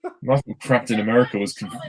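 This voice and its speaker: A man's voice: mid-range voice, fast talker, a crowd in the background. A man giving casual commentary on a film, mocking and bemused, laughing a lot.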